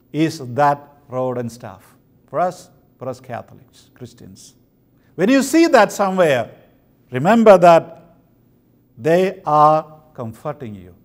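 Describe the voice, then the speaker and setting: Man from india preaching slow, voice swings up and down a lot, fairly high. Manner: slow, emphatic preaching with pauses. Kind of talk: sermon. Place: convention hall.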